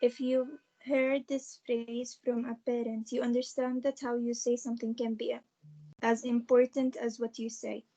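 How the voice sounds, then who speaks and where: A female student reading a textbook passage aloud to her class, steady and careful. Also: a little high, normal speed, poor audio.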